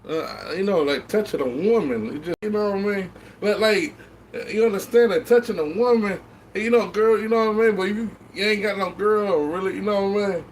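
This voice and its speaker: A vlogger with a notably high voice, tipsy from drinking, talks loosely and fairly quickly to viewers on a casual live stream. He rambles, stammers through restarts on repeated words and swears heavily, with a faint hum underneath.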